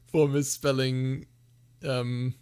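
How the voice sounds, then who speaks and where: A man's voice: mid-range voice, smooth. Giggly young man hosting a live Q&A. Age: young adult. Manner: giggly, reads chat messages aloud. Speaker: livestream host. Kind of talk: casual live Q&A chat.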